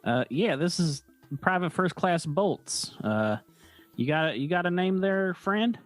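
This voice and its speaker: A man's voice: sits high, lively intonation, unhurried, faint music behind, voice pushed up. A man playing a plain-spoken army private, talking in a folksy, rambling drawl full of fillers.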